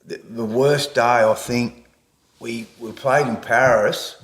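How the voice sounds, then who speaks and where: An Australian man, a musician and podcast co-host, chatting casually at home, halting and restarting, with casual swearing. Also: mid-range voice, fairly even intonation, fairly bright tone. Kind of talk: casual chat. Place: living room.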